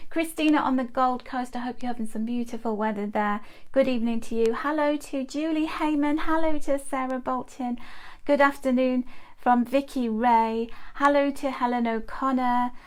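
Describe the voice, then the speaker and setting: A middle-aged woman with a slightly high voice hosts a live stream and greets her viewers one by one. She talks in a chatty, effusive way and sometimes stumbles over her words. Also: fairly even intonation, moderate pace. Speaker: host of a live tea leaf reading stream.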